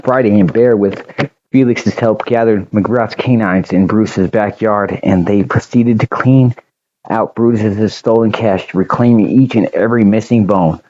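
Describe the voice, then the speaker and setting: A man reading an original story aloud, unhurried, with a few slips and restarts. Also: on the low side, darkish tone, dull audio.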